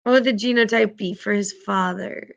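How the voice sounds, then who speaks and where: A woman's voice: mid-range voice, normal speed, creaky, lo-fi sound. A woman teaching a class, patiently explaining and often checking in with her students.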